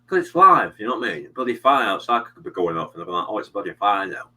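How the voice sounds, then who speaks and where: A man's voice: on the low side, fast, sharp tone, slightly rough, rough recording. A British man hosting a live stream, chatting casually in a rambling way with many fillers. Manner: rambling, many fillers and "you know what I mean". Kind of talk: casual chat.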